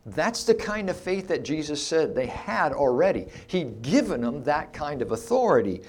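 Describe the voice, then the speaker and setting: A man's voice: fairly high pitch, very animated, normal speed, a little mellow. A middle-aged man preaching an expository sermon, teaching emphatically and asking rhetorical questions of his listeners.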